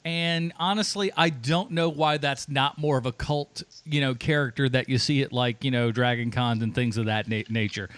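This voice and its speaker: A man's voice: mid-range voice, fairly even intonation, moderate pace, hardly any pauses, a bit bright, smooth, dry recording. A man hosting a casual movie podcast, reading out award categories playfully. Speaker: podcast host.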